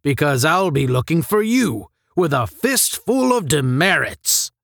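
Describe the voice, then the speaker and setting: A gruff veteran male space sergeant, put on by a man reading a storybook, drawls his lines slowly and then roars commands with wide swings in pitch. The sound is close and dry. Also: big pitch swings, fairly bright tone, dry recording, full character voice. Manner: barking, drill-sergeant commands.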